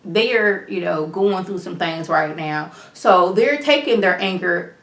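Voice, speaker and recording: A woman giving a casual recap of a reality TV episode, chatty and quick, acting out the dialogue as she retells each scene. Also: on the low side, lively intonation, fairly bright tone. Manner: talks fast at times. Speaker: reality TV reviewer. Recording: roomy echo.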